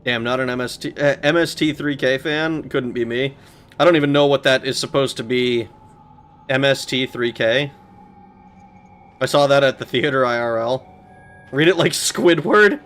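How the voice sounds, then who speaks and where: A man's voice: medium pitch, moderate pace, fairly bright tone, faint music behind. A man streaming a game, chatting casually, rambling, swearing and answering his chat. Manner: rambling, swears, laughs, talks back to chat. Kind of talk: casual gameplay commentary.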